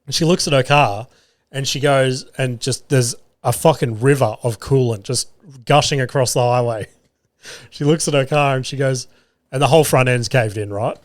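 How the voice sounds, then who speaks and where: An Australian man in his young adult years hosts a podcast alone and rambles through an animated story, swearing freely. His voice sits at a middle pitch. The sound is dry and close, with no room around it. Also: moderate pace, dry recording. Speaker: podcast host. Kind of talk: casual storytelling monologue.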